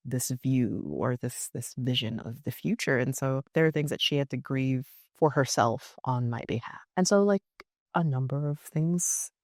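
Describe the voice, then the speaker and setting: Low gravelly woman telling stories. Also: no echo, studio quality. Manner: chatty, frequent "like" fillers, animated storytelling. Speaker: therapist and podcast guest. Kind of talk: casual conversational interview.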